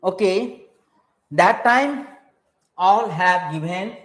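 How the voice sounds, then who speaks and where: A man's voice: sits high, drawn-out words, fairly bright tone. A man with an Indian English accent teaching a live online exam-prep class. He switches between English and Hindi, repeats his points and keeps quizzing his viewers. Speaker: engineering exam tutor. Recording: roomy echoey room.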